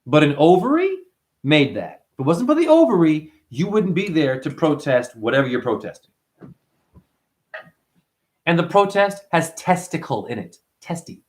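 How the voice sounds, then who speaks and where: A man hosting a numerology livestream, ranting intensely at his viewers, swearing and preaching as he addresses them directly. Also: fairly high pitch. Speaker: numerology teacher and livestream host. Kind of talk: profane livestream rant.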